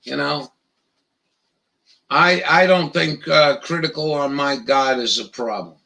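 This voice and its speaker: A man hosting a casual live stream, rambling in a profane, halting way with lots of restarts. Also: a little high, vocal fry, bright, forceful tone, poor audio.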